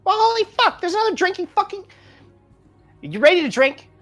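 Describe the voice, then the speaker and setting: A man's voice: big pitch swings, fairly quick, fairly bright tone, soft background music, heavily acted. A man putting on a foul-mouthed tiny female gnome. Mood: brash. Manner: high, brash and swearing.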